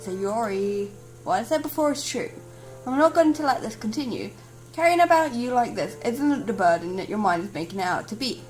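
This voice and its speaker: A woman voicing an earnest, caring teenage boy protagonist in a game, her voice lowered and steady. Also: moderate pace, faint music behind, natural voice, poor audio. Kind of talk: let's-play voice acting.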